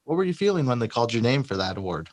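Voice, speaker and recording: Male host, mid-pitched, casual and friendly, dry close sound. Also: very animated, rapid-fire, no room sound. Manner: friendly, brief questions with "uh" fillers. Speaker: interview host. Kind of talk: casual interview questions.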